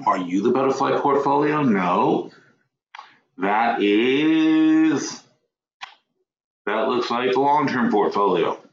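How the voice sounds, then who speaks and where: A man's voice: medium pitch, expressive, takes it slowly, pauses often. A man hosting a trading webinar, thinking aloud, muttering to himself and correcting himself as he goes. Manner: mutters to himself and scolds his software; rambling, self-correcting. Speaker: webinar host. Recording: roomy, dull lo-fi webinar audio.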